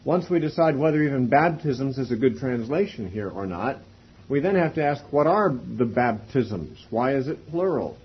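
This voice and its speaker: A man teaching a Bible class in a methodical way, spelling out words and pausing often. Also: medium pitch, expressive, slightly rough. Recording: dull lo-fi recording.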